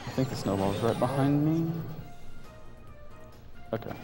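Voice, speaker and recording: A man's voice: medium pitch, unhurried, big-room sound, over music. Chatty man commentating a game run. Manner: relaxed, chatty, laughs often. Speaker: speedrunner. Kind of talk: casual commentary while playing.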